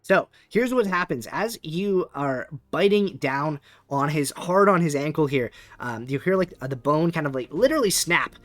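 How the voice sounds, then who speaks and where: A man's voice: fairly high pitch, animated, normal speed, hardly any pauses, a bit bright, no room sound. A man narrating a tabletop game as game master, rambling with many fillers. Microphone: webcam setup.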